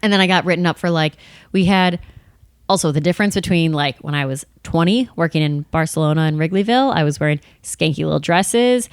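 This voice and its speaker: Lady in her 30s on a podcast, low voice, dry close sound, acts out customers as she tells it. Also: brisk, clear, resonant tone, dry recording. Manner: animated storytelling, acts out bar customers and managers. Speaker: comedian guest. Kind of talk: casual podcast chat.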